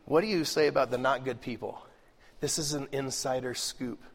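Animated preacher in a reverberant hall. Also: male voice, mid-range voice, moderate pace. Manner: animated, joking, swings between loud and hushed. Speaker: pastor. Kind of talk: sermon. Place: large church hall. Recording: live sermon with long hall reverb.

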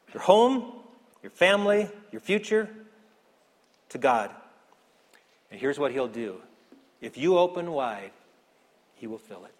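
A man preaching a sermon as pastor in a church, earnest, rising to emphasis then dropping soft. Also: fairly high pitch. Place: church sanctuary. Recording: echoey hall.

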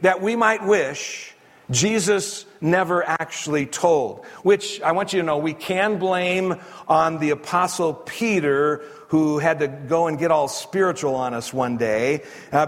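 Conversational pastor preaching in a reverberant hall. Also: male voice, a little high, unhurried, fairly bright tone. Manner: conversational storytelling preacher, acts out quotes. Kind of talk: sermon.

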